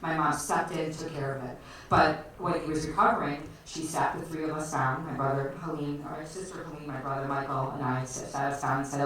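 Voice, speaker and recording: Onstage at a bar's storytelling night, a woman from the Chicago area tells a personal story in a deep voice, a little fast with few pauses and fairly even intonation. She's chatty, laughs often, and uses lots of fillers. A distant mic catches the echoey room, faint noise, and the crowd.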